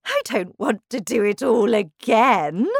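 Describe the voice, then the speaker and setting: An eccentric old queen from a storybook cries out in high, swooping tones, voiced by a woman narrator. She drawls her words slowly and dramatically, close and dry. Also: expressive, husky, dry recording, heavily acted. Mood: theatrical. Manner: slow, high and exclamatory.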